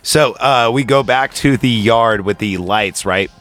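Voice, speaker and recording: A man's voice: mid-range voice, measured pace, fairly bright tone, soft background music. Crude, joking male podcast co-host, mid-range voice, casual movie recap. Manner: crude, joking, quotes characters in bits.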